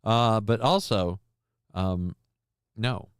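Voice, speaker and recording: A man's voice: on the low side, very slow, clean tone, no room sound, clean studio sound. A man hosting a casual livestream, rambling, cursing and making sarcastic asides while reading chat messages. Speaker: livestream host.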